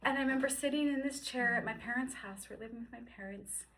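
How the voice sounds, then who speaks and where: A woman in her fifties telling her personal faith story, moving between hushed, whispered passages and excited, high-pitched bursts. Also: quick pace, rough recording. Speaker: guest sharing testimony. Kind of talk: emotional personal testimony.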